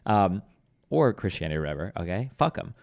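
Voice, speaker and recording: A man's voice: low-pitched, sing-song, quick pace, gravelly. A man giving heated, profane live-stream commentary straight into a desk microphone.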